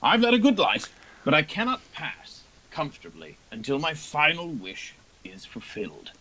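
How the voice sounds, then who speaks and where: A man's voice: on the high side, huge pitch swings, sharp tone, voice pushed up, exaggerated voice, rough recording. A man voicing a dying old bearded man who solemnly tells a story from his youth. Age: older. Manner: slow, grave storytelling.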